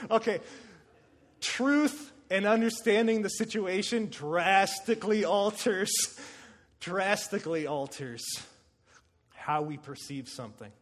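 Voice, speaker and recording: A man preaching a sermon, telling stories with animation and acting out quotes with sudden shouts. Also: high-pitched, measured pace. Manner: animated storytelling, acts out quotes with loud shouts.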